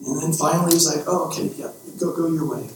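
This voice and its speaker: A man's voice: fairly high pitch, fast talker, slight background noise, natural voice. A man voicing a weary, sarcastic male God on a throne, exasperated and stammering, heard in a very echoey room from a distant mic. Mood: deflated.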